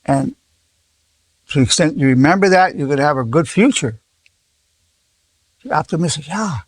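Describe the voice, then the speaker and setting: With a voice on the high side and lively intonation, a male psychologist in his eighties teaches informally through anecdotes at a normal speed. He frequently repeats words and restarts and acts out quoted dialogue, recorded with no room sound.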